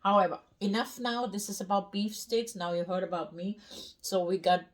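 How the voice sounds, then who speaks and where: A woman's voice: medium pitch, steady tone, moderate pace. An older woman from North Rhine-Westphalia with a German accent, telling stories to camera in a blunt, rambling, chatty way. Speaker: cooking vlogger. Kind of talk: casual storytelling to camera.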